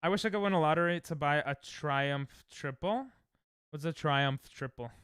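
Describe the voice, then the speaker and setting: A young male streamer chats casually and reacts out loud as he plays, his slightly high voice smooth and clear. He sounds a little tired, and his pitch swings widely. The sound is dry and close. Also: moderate pace, no room sound. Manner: excitable, reactive, thinks aloud. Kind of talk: casual live-stream chat while playing games.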